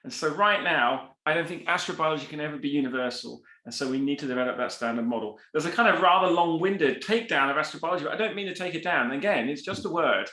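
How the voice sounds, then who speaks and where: Guy on a podcast, lively science guest, kinda high voice, roomy echo, keeps doing voices for quotes. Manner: animated, acts out quoted voices, quick asides. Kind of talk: conversational podcast interview.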